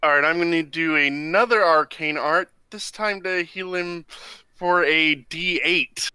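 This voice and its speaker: Guy in a tabletop game, calm and measured, really bright clear voice. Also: fairly high pitch, no echo, low-quality recording. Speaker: player.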